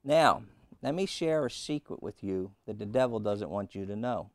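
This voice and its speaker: A pastor preaching a sermon and telling a humorous story, with lots of rhetorical questions. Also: male voice, fairly low pitch, animated, normal speed, no room sound, studio quality. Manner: humorous, repeats key lines.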